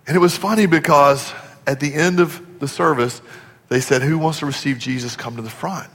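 A male pastor delivers an earnest sermon with a fairly high voice. He often sinks to a hushed, low tone for emphasis. His voice carries a long reverb from the church hall. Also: moderate pace, breathy edge. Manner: earnest storytelling preacher, drops to a soft low voice for emphasis. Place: church auditorium.

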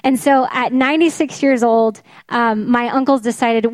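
A woman's voice: a little high, normal speed, a little mellow, no room sound. A woman preaching a sermon, emphatic, often repeating her key phrases for weight.

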